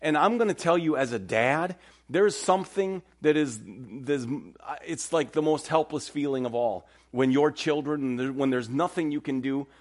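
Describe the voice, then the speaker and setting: Animated middle-aged male preacher. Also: a little high, normal speed. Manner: animated storytelling, banter with the congregation. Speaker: pastor. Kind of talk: sermon.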